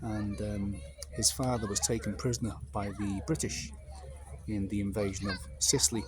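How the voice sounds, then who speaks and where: A man's voice: lowish voice, steady tone, normal speed, noisy background. A man in his fifties from North Wales with a North Welsh accent, telling casual anecdotes in a meandering, digressive way.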